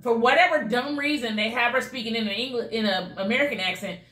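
A woman's voice: on the high side, a bit bright. A woman co-hosting a podcast, chatting casually and ranting with strong opinions. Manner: chatty, opinionated, quick to rant. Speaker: podcast co-host. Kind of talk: casual chat. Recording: echoey room with faint noise.

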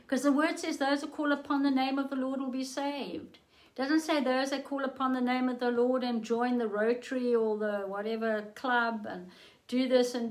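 A middle-aged woman preaching on a livestream, telling a story slowly and earnestly, then urging listeners with rising fervor. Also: sits high, rough recording. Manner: slow, earnest storytelling, rising fervent in exhortation. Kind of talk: storytelling sermon.

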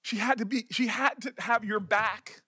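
A senator speaking at a hearing, earnest and emotional, close to tears, with halting repeated words. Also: male voice, sits high, steady tone, bright, forceful tone, husky. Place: committee hearing room.

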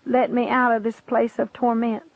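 A woman's voice: on the high side, level tone, moderate pace, dry recording, natural voice. A woman voicing a tormented ancient woman who pleads desperately to be let out. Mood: pleading. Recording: tinny phone-like line.

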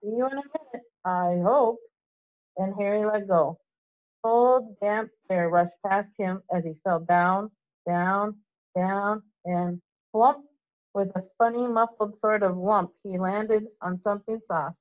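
A woman's voice: medium pitch, takes it slowly. Woman teacher reading a storybook aloud. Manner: clear, steady reading with small slips. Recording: dull lo-fi recording.

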